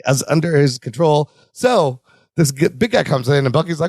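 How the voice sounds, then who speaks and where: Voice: mid-range voice, normal speed, no echo, studio quality. A podcast co-host in casual chat, recapping a sitcom episode and acting out the characters' lines. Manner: animated, acts out quotes in character voices.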